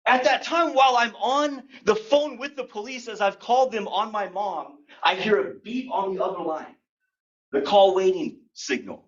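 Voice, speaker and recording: A young man giving a humorous personal story speech at a speaking club, animated and acting out the scenes. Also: high-pitched, normal speed. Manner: animated, acts out scenes and sound effects. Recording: dull lo-fi recording.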